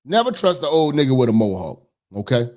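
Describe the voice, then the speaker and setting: Heated profane man ranting, lively pitch. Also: fairly quick. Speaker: commentary host. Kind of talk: ranting commentary.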